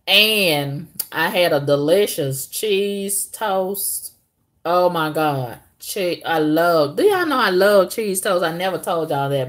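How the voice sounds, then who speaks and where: Woman, casual vlogger, animated storyteller who plays every part herself. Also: on the low side. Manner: animated, talks to herself and her viewers, acts out both sides of conversations.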